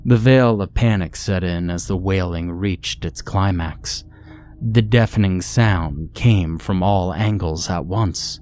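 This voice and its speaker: A man narrating a horror story in a steady, ominous storytelling manner. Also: deep voice, slow pace, a little hiss or hum. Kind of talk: scripted narration.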